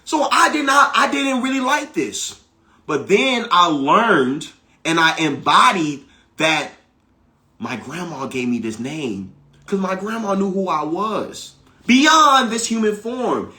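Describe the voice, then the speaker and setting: Man, motivational spiritual monologue, emphatic, repeats himself, very animated pitch, bright tone. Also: a little slow. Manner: emphatic and preachy, repeating phrases for effect; swings from loud exclamations to low, quiet asides. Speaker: spiritual teacher.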